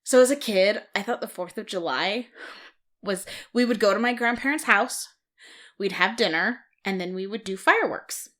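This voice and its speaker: Woman in her thirties, podcast co-host, chatty storyteller, middle pitch. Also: animated, normal speed, a bit bright. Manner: chatty, storytelling with quoted asides. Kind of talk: casual chat.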